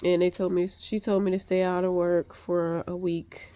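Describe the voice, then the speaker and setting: A woman's voice: on the low side, flat delivery, normal speed, dark tone. A woman telling a vlog story while congested, chatty with many fillers and laughing at herself. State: congested and sniffly. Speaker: vlogger.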